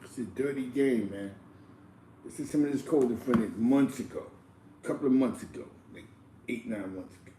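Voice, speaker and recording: A man hosting street commentary, profane and animated, laughing often. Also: medium pitch, normal speed, roomy sound, far from the mic, noisy background. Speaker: commentary host.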